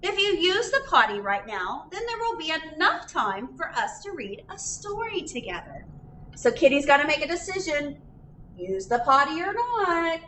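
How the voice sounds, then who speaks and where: A woman's voice: sits high, very animated, normal speed, fairly bright tone, slight background noise. A woman reading a picture book aloud at a library storytime, sing-song and full of questions for the children. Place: library room. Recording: roomy echo.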